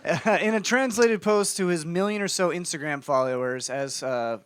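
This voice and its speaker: A man's voice: a little high, normal speed, a bit bright, clean tone. A man co-hosting a comedy podcast, reading news stories aloud and cracking jokes between the lines. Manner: reads news stories aloud with jokey asides. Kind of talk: casual comedic podcast banter.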